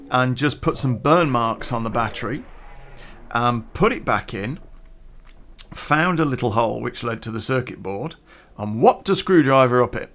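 A man's voice: medium pitch, a bit bright. A British man hosting a podcast, ranting casually and bluntly, swearing freely and chewing gum as he talks. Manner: chatty, blunt, swears casually, lots of "you know". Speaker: podcast host.

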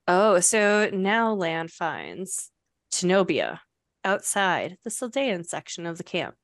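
A woman chats through a fantasy novel on a podcast, reading passages aloud and breaking off with laughing asides. She talks slowly and deliberately. The sound is dry and close. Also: fairly low pitch, very animated, no room sound. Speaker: podcast co-host recapping a novel. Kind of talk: casual book recap chat.

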